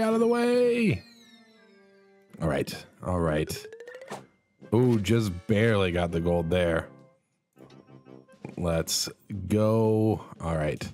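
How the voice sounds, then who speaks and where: A man hosting a casual let's play, commenting on a silly game and jumping into high excited yelps. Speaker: gaming channel host.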